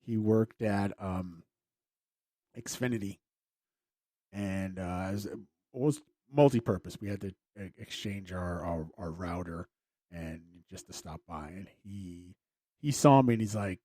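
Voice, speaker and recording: A man's voice: sits low, unhurried, warm tone, no echo. A man hosting a podcast, telling a personal story in a casual, rambling way with wry, self-deprecating humor. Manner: rambling, with frequent fillers and restarts. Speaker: podcast host.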